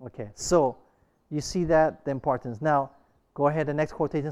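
A man's voice: a little high, a little mellow. Middle-aged male church teacher, light Hawaiian Pidgin accent, reading quotations in a lesson, prompting the class for answers. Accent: light Hawaiian Pidgin English. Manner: pauses for the class to call out answers.

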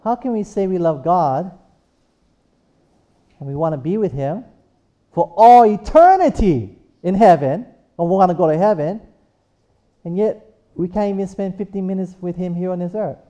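Mellow-voiced preacher calling for amens. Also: medium pitch, animated, normal speed, long pauses, dull audio. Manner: repetitive, rhetorical, calls for amens. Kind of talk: sermon.

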